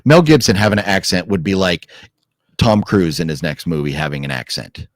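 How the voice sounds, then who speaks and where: A man co-hosting a casual film review chat, rambling with restarts and sudden lively jumps. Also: low voice, brisk, no room sound. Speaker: podcast co-host.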